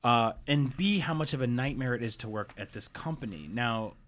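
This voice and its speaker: A man hosting a casual gaming podcast. He tells stories in an animated way and laughs often. His voice sits in a middle pitch. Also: moderate pace. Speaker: podcast host. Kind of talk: casual chat.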